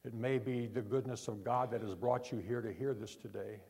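An older pastor preaches a sermon in church, earnest and repetitive, speaking from the heart instead of yelling. His voice is medium-pitched, steady, creaky and slightly rough, at normal speed.

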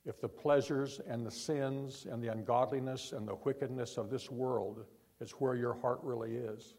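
Gravelly older man preaching earnestly. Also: medium pitch, steady tone, moderate pace. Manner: earnest, repetitive preaching, talking from the heart rather than yelling. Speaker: pastor. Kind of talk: sermon. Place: church.

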